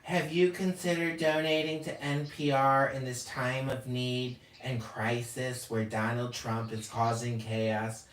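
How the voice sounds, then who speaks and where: A man voicing a low, deadpan public radio pledge announcer in a parody. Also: measured pace, few pauses, lightly acted. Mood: solemn. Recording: distant, roomy.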